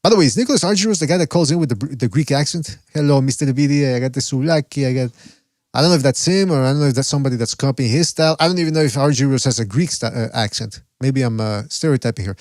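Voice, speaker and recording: A man's voice: mid-range voice, darkish tone, no echo, clean studio sound. Rambling joking podcast host man. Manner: loose, rambling and joking, with restarts and swearing. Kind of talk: call-in boxing podcast.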